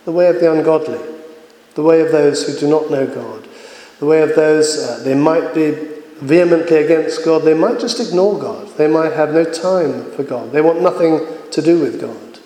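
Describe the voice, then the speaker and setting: Earnest preacher in an echoey hall. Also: male voice, fairly high pitch, dark tone. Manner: earnest, measured, frequent filler pauses. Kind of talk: sermon. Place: church. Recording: echoey church hall with long reverb.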